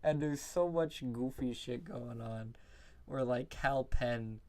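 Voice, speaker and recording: A man's voice: medium pitch, takes it slowly, mellow. A man streaming casually, reviewing movies in a loose, rambling way, often breaking into laughter and swearing. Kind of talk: casual live-stream chat.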